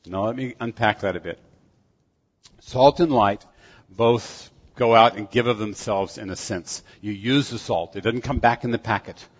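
An older man preaching a sermon, earnest and measured, with a fairly low voice. The sound is dull and lo-fi, and the voice trails off into a long reverb that fills the hall. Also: breathy edge. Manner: earnest, measured, self-deprecating asides.

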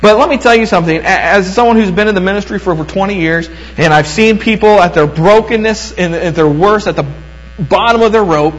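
Earnest high-voiced male pastor preaching. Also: lo-fi sound. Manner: earnest, slows down for emphasis, repeats words when starting sentences. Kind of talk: sermon. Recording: mains hum underneath.

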